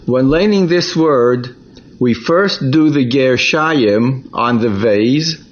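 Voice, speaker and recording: Male Torah reading teacher with Ashkenazi Hebrew pronunciation. Very slow, careful delivery. Dull lo-fi recording. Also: medium pitch. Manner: careful, deliberate, sounds out words syllable by syllable. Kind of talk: slow explanatory lesson on Hebrew cantillation.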